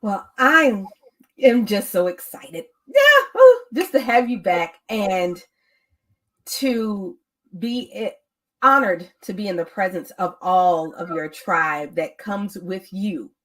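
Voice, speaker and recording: A woman's voice: medium pitch, animated, slow pace, a bit bright. A woman hosting a talk show, speaking in an effusive, affirming way to her guest. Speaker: host. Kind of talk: casual conversation.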